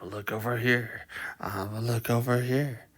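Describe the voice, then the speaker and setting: A man voicing a crude male monster that stalks the player, taunting in a low, quiet, profane mutter. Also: steady tone, takes it slowly. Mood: mocking.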